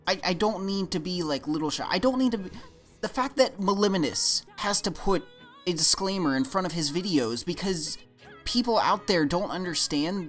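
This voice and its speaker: A YouTube commentator answering comments in a vlog, defensive and exasperated, rambling with frequent restarts. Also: medium pitch.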